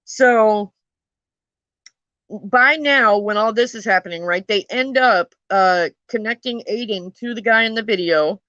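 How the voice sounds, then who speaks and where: Chatty woman with a bright voice. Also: medium pitch, measured pace, no room sound, dull audio. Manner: chatty, swears freely, laughs at the story. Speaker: true crime vlogger. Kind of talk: casual storytelling.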